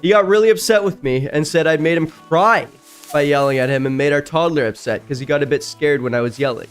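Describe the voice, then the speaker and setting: A man with a slightly high-pitched voice reads online stories aloud as a streamer, breaking off to react in a casual, chatty way. His reactions jump suddenly louder and higher. Faint game music plays behind him. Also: brisk, smooth.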